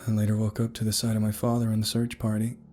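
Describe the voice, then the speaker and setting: A man's voice: on the low side, completely flat delivery, fast, mellow, voice pushed up, close to an everyday voice. A man voicing a grown woman who recalls a childhood ordeal in a plain, reflective storytelling way.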